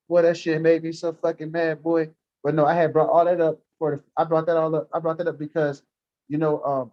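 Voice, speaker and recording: Man, guest on a live stream; blunt, profane storyteller; fairly high voice; dry, close sound. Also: a little mellow, dry recording, muffled recording. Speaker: livestream guest.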